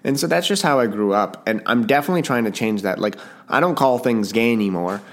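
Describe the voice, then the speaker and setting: A Canadian man hosts a podcast by himself, talking in a loose, chatty style at an ordinary middle pitch, expressive and a little fast. He rambles and often breaks off mid-sentence to start again. He keeps apologizing and makes jokes at his own expense.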